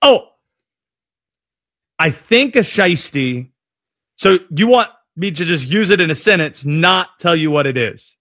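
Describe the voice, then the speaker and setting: A man's voice: on the high side, a little slow, long pauses, no echo, clean studio sound. A man hosting a sports radio show, chatting casually and joking at his own expense. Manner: jokey, self-deprecating, animated.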